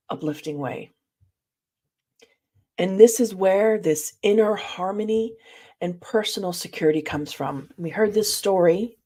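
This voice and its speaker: A woman presenting a reflective spiritual study talk, speaking in a measured way and addressing her listeners directly. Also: on the low side, mellow.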